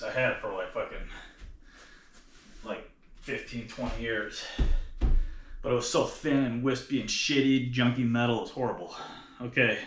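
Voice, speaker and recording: A man's voice: medium pitch, fairly bright tone. A man talking casually to himself during a home workout, rambling and swearing as he sets up. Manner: rambling, profane, mutters to himself. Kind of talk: casual self-talk while exercising. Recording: echoey room with faint noise.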